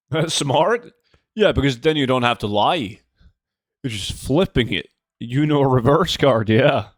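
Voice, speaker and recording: Male streamer, casual joking banter with chat, mid-pitched, dry close-mic sound. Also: normal speed, no echo. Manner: rambling, joking, reads chat aloud. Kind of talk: casual livestream chat with viewers. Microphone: desk microphone.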